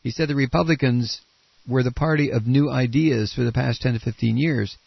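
Husky and marked by vocal fry, this man's medium-pitched voice moves fairly quickly with no echo. He's a combative, blunt political talk radio host who rambles and restarts, congested and coughing at his studio mic, heard through a dull lo-fi radio broadcast.

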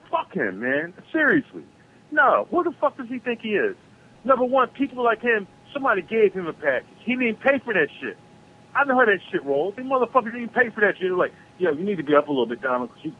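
A man calling in by phone, ranting with heavy profanity about politics in a heated, animated way. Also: high-pitched, a little hiss or hum. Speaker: caller. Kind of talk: angry political rant on a call-in show. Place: South Carolina. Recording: tinny phone line.

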